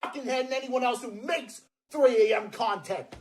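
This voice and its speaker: A man with a Massachusetts accent ranting loudly and profanely in a mocking, angry online video. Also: extremely high pitch, normal speed, soft background music. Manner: profane, loud, mocking outbursts.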